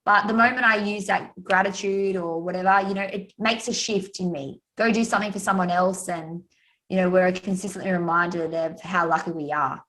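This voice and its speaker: Australian woman, lowish voice, chatty podcast guest, lively storyteller. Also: normal speed, rough recording. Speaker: guest speaker and author. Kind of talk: casual podcast interview.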